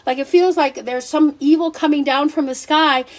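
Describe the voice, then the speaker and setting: A gossiping little parasite worm at a party, chattering with worry that its world is falling apart, played by a woman. The voice sits high, close to a woman's own casual speech, with only a light touch of character. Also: steady tone, normal speed, lightly acted. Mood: worried gossip.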